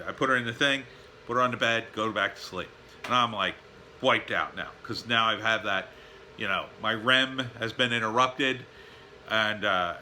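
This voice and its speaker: A man tells a casual, rambling story at home, his voice strikingly bright and sharp at a middling pitch. He fills his talk with uh's and weary asides. A faint background ambience hums behind him. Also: a little hiss or hum. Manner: rambling, with many fillers and tired sighing asides. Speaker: vlogger. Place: at home, backyard and indoors.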